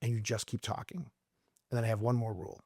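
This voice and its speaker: A man's voice: fairly low pitch, fast talker, creaky, slightly rough, no room sound, clean studio sound. A middle-aged man from Arizona, a realtor who talks through sales tactics in casual conversation and acts out his calls with clients. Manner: animated storyteller, acts out sales calls in lively voices. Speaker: realtor guest. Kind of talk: casual podcast interview.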